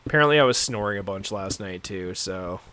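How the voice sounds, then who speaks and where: A young male gaming streamer chats casually with viewers as he plays, rambling and leaning on lots of filler words. His lowish voice is bright, forceful and quick, slightly congested, with a faint hiss or hum behind it.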